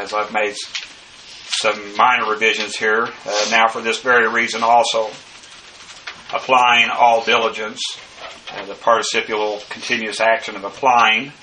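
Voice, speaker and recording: Male Bible teacher, low, bright-edged voice, methodical verse-by-verse Greek study, recorded a little off-mic with faint ambience. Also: distant mic, a little hiss or hum, low-quality recording. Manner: methodical, spells out Greek words letter by letter; frequent "uh" fillers and restarts.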